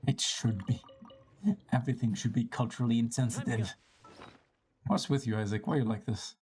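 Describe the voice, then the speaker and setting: A woman's voice: very deep voice, steady tone, brisk, mellow, slight background noise. A woman hosting a livestream, chatting casually in a blunt, teasing way with frequent swearing. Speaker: livestream host. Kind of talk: casual chat.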